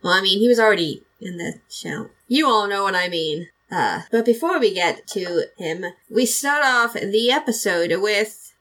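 A woman's voice: mid-range voice, animated, moderate pace, few pauses, fairly bright tone, rough recording. A woman hosting a casual podcast, chatty and giggly, rambling through an episode recap with plenty of fillers. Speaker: podcast host.

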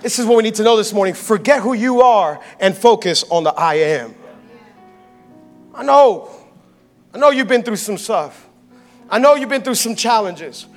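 High-voiced energetic male pastor preaching. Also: moderate pace, long pauses, faint music behind. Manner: energetic, playful preaching with audience call-outs. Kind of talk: sermon.

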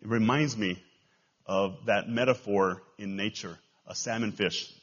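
A man with a Texan accent preaching a sermon as pastor, swinging between loud rises and quiet drops. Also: lowish voice, measured pace, highs cut off. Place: church.

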